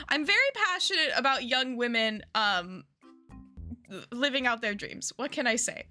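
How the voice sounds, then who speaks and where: A young woman streaming from home, chatting to her viewers in a bright, fairly high voice that swoops up and down a lot. She rambles along in a bubbly way, with quick restarts, and faint game music plays behind her. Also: animated. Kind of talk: casual chat with stream viewers.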